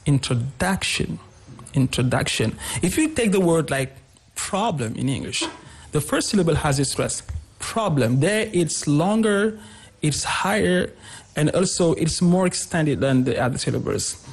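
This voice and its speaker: A man's voice: fairly high pitch, creaky, breathy edge. A man explaining English pronunciation on a radio lesson, repeating example words with fillers. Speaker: English teacher guest.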